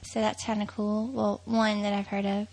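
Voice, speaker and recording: A woman's voice: mid-range voice, completely flat delivery, moderate pace, gravelly, darkish tone, breathy edge, poor audio. A woman with a Southern US accent, co-hosting a podcast in casual chat, talkative and teasing. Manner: chatty, teasing, laughs often. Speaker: podcast co-host.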